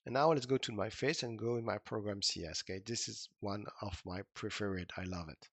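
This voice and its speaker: A man's voice: lowish voice, fairly quick, fairly bright tone, dry recording. Man narrating a coding tutorial. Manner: informal, thinking aloud with frequent fillers and restarts. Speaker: instructor. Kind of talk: screen-recorded coding tutorial.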